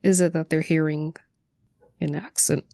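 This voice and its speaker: A woman's voice: low voice, fairly even intonation, a little slow, creaky, dark tone, no room sound. A woman hosting a podcast, asking curious questions and agreeing easily in casual conversation. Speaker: podcast host. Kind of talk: casual interview chat.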